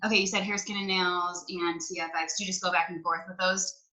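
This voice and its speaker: A woman's voice: fairly low pitch, little pitch movement, a little fast, sharp tone, low-quality recording. A woman hosting a live-stream interview who talks in a bubbly, gushing way with lots of fillers. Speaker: host.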